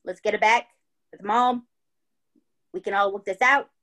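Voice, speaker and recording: A woman voicing a calm, easygoing young Australian man, speaking in a laid-back and reassuring way. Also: medium pitch, moderate pace, lightly acted. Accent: Australian, put on.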